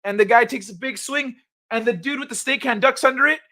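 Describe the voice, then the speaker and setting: Bright-voiced laid-back streaming host. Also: male voice, very high-pitched, a little fast. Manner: laid-back, profane, animated storytelling. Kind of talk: casual late-night chat.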